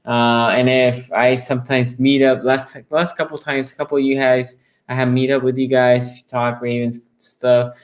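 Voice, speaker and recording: A male sports talk host chatting casually with his viewers, his voice sitting at an ordinary middle pitch. He rambles, doubles back on his words and reads comments out before answering. When a story grabs him, his voice jumps up high with excitement. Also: normal speed. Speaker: sports talk show host taking callers. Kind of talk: casual fan chat on a sports show.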